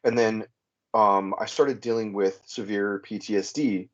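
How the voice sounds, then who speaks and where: A middle-aged man giving a hesitant, halting personal testimony as a caller on a podcast. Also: lowish voice, fairly even intonation. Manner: hesitant, halting, many restarts and fillers. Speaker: returning caller. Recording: muffled lo-fi sound.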